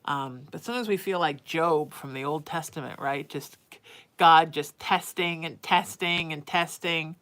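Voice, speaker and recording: A woman with a low, slightly bright voice hosts a live psychic reading stream, speaking unhurriedly. She talks casually and frankly, slipping into baby talk with her cat between answers.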